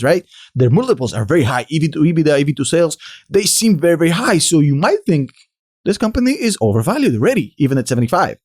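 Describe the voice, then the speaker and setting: A man with a delivery hosting a casual stock analysis vlog, confidently explaining and answering his own questions. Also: fairly high pitch. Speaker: finance video host.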